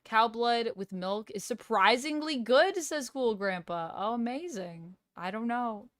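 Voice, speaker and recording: A woman's voice: a little high, animated, a little slow, no echo, clean studio sound. A young Canadian woman streaming live, chatting playfully and reading viewer comments aloud. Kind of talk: casual live-stream chat.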